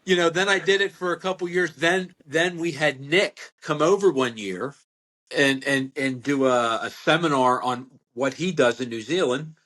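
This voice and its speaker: Telling meandering stories on a podcast, an older American man who has long worked as a butcher speaks at a moderate pace in a slightly high, fairly bright voice. The casual interview is full of his restarts and laughter.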